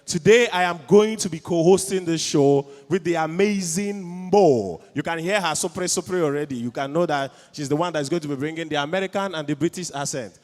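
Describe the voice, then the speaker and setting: A Nigerian man with an Igbo accent works a live crowd as event co-host, pushing people to stand up and mingle. His voice sits high and bright with energy, and it rings through a large hall with a long tail of reverb. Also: a little fast, hardly any pauses. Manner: hyped, crowd-rousing.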